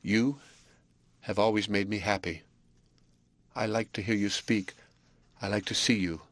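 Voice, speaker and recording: A man voicing a shy, earnest young Belgian woman, speaking softly and hesitantly. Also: lowish voice, steady tone, a little slow, no echo. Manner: soft, quiet and hesitant.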